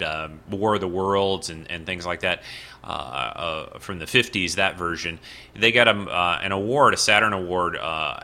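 A deep-voiced man hosts his podcast from an apartment bedroom, rambling and goofy with many fillers. His tone is bright and forceful despite the low pitch. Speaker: podcast host. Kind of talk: casual solo podcast chat.

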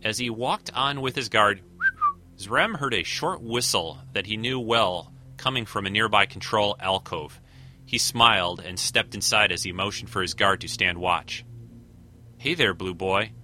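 Deep, bright-edged male story reader. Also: moderate pace, slight background noise. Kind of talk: fan audio story reading.

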